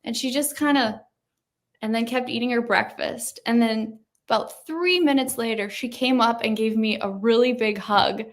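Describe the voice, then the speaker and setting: Female interviewer, higher voice, animated, laughs a lot. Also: moderate pace. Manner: animated, laughs often, enthusiastic. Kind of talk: casual conversation.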